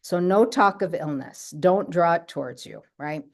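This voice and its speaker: A woman's voice: on the low side, animated, normal speed, creaky, darkish tone. A woman telling her own healing story in a chatty way, often checking in with the listener. She is speaking on a video call. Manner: chatty, keeps checking in with "right?". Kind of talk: casual talk on a video call.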